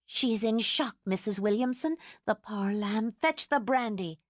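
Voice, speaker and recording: A woman voicing a fierce, protective older housekeeper who talks in indignant, excitable outbursts. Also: mid-range voice, a little slow, no room sound, studio quality, pitched above the performer's own voice, natural voice. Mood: outraged.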